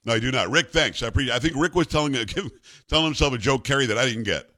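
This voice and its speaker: A middle-aged man hosting a talk radio show, speaking in a brisk, emphatic, bantering way. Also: medium pitch, sharp tone.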